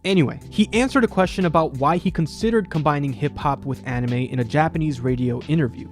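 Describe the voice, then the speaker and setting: A man's voice: fairly high pitch, fast talker, few pauses. A man hosting a casual music talk, rambling with lots of filler words. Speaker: music video essay host.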